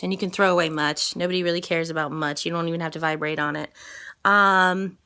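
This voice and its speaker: A classically trained woman teaching a singing lesson, explaining slowly and singing lines to demonstrate. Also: low-pitched, steady tone, sharp tone, clean tone. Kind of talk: vocal lesson with sung examples.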